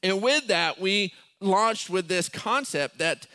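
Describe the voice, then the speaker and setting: A middle-aged male pastor telling a story in a sermon, acting out quotes and rising to shouted peaks. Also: high-pitched, lively intonation, slow pace.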